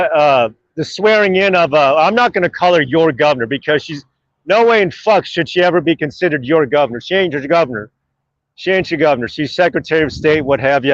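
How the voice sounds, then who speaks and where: Guy ranting and swearing on a live stream from his car, kinda high voice, muffled and dry. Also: dry recording. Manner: profane, rambling, opinionated. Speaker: livestream host. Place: in a car in traffic.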